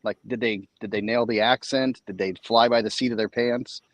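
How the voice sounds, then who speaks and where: A man's voice: mid-range voice, fairly even intonation, moderate pace, a bit bright, no room sound. A man chatting casually on a podcast, asking questions with curiosity. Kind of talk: casual chat.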